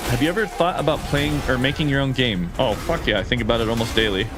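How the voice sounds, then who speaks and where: A man hosting a casual gaming live stream, chatty and excitable, laughing often and reading chat messages aloud. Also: mid-range voice, quick pace, music in the background. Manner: swears casually, lots of "like".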